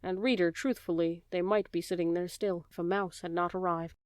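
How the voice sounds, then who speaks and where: A woman narrating a children's audiobook in a measured, expressive storytelling manner. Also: on the low side, no room sound.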